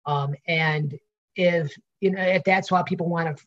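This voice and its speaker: A man's voice: a little high, steady tone, measured pace, fairly bright tone, dull audio. A man with a Brooklyn accent, a pro wrestler answering interview questions in a rambling way with many fillers and restarts.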